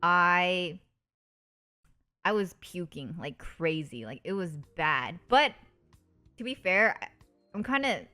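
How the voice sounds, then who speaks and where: A woman's voice: takes it slowly, pauses often, soft background music. Chatty young woman telling stories. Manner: bubbly, with many "like"s and restarts; animated, putting on high eager voices when quoting people. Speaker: streamer. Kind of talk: casual storytelling.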